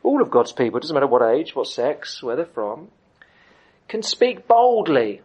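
Man, middle-aged, preaching; emphatic, pauses for effect, mid-pitched. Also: very animated, darkish tone, husky. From United Kingdom. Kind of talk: sermon.

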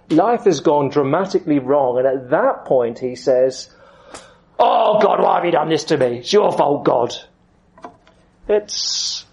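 A man preaching through a Bible passage, with quick asides and acted-out voices. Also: a little high, a little mellow. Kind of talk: expository sermon with Bible reading. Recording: dull lo-fi sound.

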